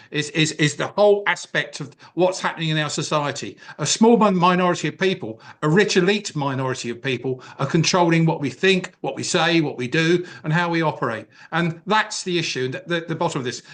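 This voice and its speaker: An older man on a talk show panel rambles his way through his point, tripping into restart after restart. His voice sits a little higher than most men's. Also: fairly bright tone. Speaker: panel guest. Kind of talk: studio talk show discussion.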